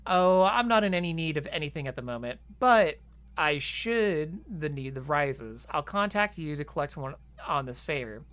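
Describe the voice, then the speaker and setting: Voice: mid-range voice, lively intonation, normal speed, a bit bright, smooth, lightly acted. A gamer reading the lines of a short male alien merchant who works as a shrewd information broker, in a near-plain voice.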